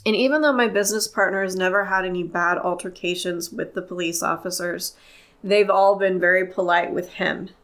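A woman's voice: on the low side, fairly even intonation, brisk, fairly bright tone. A woman hosting her own podcast, speaking in a candid solo monologue with an earnest, impassioned, plain-spoken manner. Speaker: podcast host.

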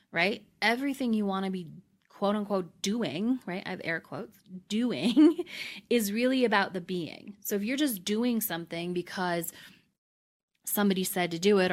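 A woman in middle age hosts her own podcast, teaching in an easygoing, unscripted way. Her voice sits slightly low for a woman. She keeps checking in with "right?" and often circles back to restart a sentence. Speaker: podcast host and manifesting coach. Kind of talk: casual teaching monologue.

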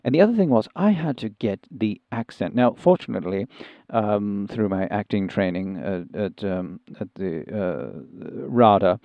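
A man's voice: fairly low pitch, lively intonation, measured pace, creaky, dry recording, lo-fi sound. A man playing a fussy, genteel Englishman from Sussex who has turned country singer, speaking hesitantly with many ums and restarts in an improvised comedy interview. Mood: earnest. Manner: prim and genteel.

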